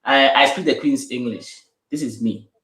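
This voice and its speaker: A woman's voice: very deep voice, moderate pace, fairly bright tone, roomy sound. A middle-aged woman speaking as an interview guest in an emphatic, repetitive, affirming way. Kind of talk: interview conversation.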